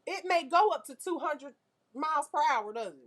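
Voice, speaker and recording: A woman teaching a nail class, lively and full of questions to her students. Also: sits high, normal speed. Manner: lively, asks the class questions, uses car comparisons. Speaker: nail instructor. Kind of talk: classroom lecture.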